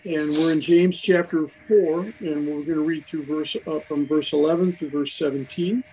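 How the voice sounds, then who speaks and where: A man teaches a Bible study in an easygoing, conversational way, often stopping and restarting his sentences. His voice sits a little high and has a gravelly edge. A faint hiss runs under the recording. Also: fairly even intonation, moderate pace, warm tone, rough recording. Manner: conversational, with frequent fillers and restarts.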